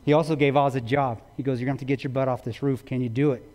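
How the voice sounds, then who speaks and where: A man's voice: mid-range voice, steady tone, very fast, a little mellow. A man giving a public talk, retelling a story intensely with quoted dialogue. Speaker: guest speaker. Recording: long reverb of a large hall.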